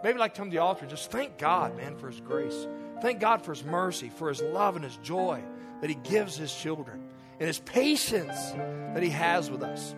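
A man's voice: on the high side, very animated, moderate pace, loud music behind the voice. A man preaching a sermon as pastor, with an emphatic, repetitive cadence and earnest, personal asides to the congregation. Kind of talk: sermon with altar call.

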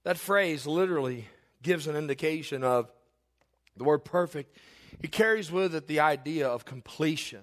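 Man preaching a swelling sermon. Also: normal speed. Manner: storytelling, swells louder and higher on key points; restarts and repeats phrases. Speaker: pastor.

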